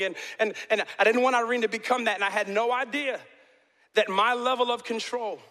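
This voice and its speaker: A middle-aged man preaching a sermon as pastor in a large church, swinging from impassioned shouts to soft, intimate talk. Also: high voice. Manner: passionate, builds to shouting then drops to soft and intimate. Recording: long reverb of a large hall.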